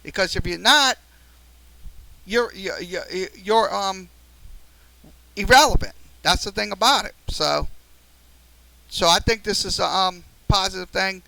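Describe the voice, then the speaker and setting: Male sports talk host, high and gravelly voice, bright tense tone, rambling with lots of ums. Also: measured pace, pauses often, dry recording, low-quality recording. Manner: rambling with many fillers and restarts, getting upset at a viewer. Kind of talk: live-streamed sports talk. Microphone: studio mic through a mixer.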